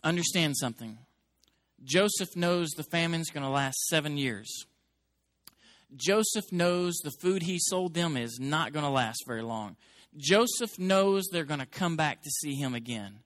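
A male pastor preaching a sermon in a lively, emphatic way, rising to forceful peaks. His voice sits high for a man. The sound is dry and close. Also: a little slow, dry recording.

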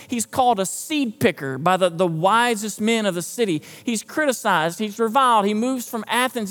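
A man preaching a sermon, talking conversationally, quizzing the congregation and repeating himself as he goes. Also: sits high. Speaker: pastor. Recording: echoey hall, long reverb.

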